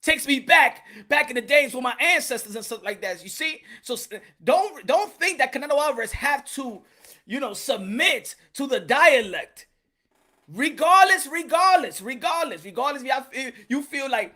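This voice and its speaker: A man running his own boxing commentary channel, with a high, bright and forceful voice. He talks in a loose, slangy, animated way, stacking up repeats and jokes as he rants to his viewers. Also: moderate pace. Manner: animated, slangy, repetitive, joking. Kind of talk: casual commentary vlog.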